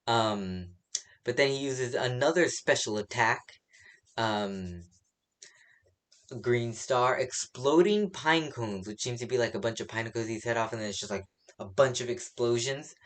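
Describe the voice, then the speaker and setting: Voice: medium pitch, unhurried. Rambling comic chapter reviewer. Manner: rambling, many fillers, laughs at own slips. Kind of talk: casual spoken recap and opinion.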